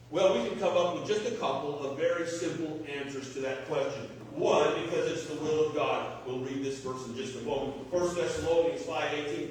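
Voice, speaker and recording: Texan pastor preaching in an echoey church. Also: male voice, fairly high pitch, a little hiss or hum. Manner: conversational preaching with rhetorical questions and homely examples. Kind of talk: sermon. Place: church sanctuary. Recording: echoey church hall, mic at a distance.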